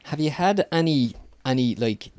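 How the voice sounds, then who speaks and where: An Irish man with a smooth, clear voice asking questions on a casual podcast. He hesitates and fills pauses as he goes. The recording is dry and close. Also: medium pitch, animated, a little mellow, no room sound. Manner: hesitant, filler-heavy questioning. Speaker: podcast co-host. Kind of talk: casual chat.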